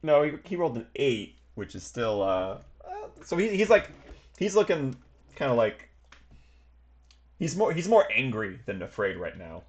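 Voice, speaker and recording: A male game master describing scenes in a tabletop game at a middling pitch. He rambles loosely and piles up fillers as he works out each moment. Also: big pitch swings, normal speed, long pauses. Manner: rambling, full of hedges and fillers.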